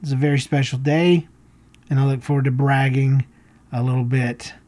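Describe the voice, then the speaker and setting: A man's voice: medium pitch, fairly even intonation, normal speed, warm tone. A man in his forties hosting a podcast, telling a story in a rambling, self-mocking way. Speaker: podcast host. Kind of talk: casual storytelling.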